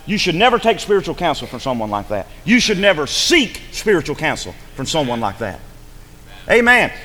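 A man's voice: a little high, sing-song, a little fast, pushed and bright, long reverb tail, slight background noise. A male pastor preaching a sermon in a church, urgent and rhetorical, pressing his listeners with repeated questions. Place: church sanctuary.

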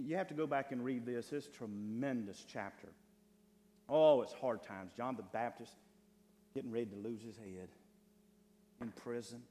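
A male pastor preaching a sermon with fervor, swinging between loud, stretched lines and hushed asides. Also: mid-range voice. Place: church sanctuary. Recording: long hall reverb, faint hum.

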